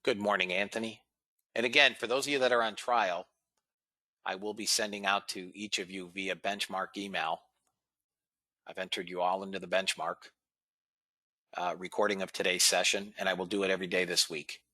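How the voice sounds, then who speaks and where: A man's voice: sits low, steady tone, moderate pace, long pauses, sharp tone, dry recording. A man hosting a live trading room, talking casually to viewers and reading out trade numbers. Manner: casual, talks to viewers as guys and fellas, reads out numbers.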